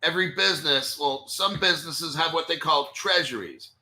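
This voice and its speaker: A man's voice: on the high side, normal speed, pushed and bright. A man hosting a crypto channel, talking in a casual, blunt and exasperated way straight to his viewers as he works at his computer. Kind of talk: casual livestream commentary.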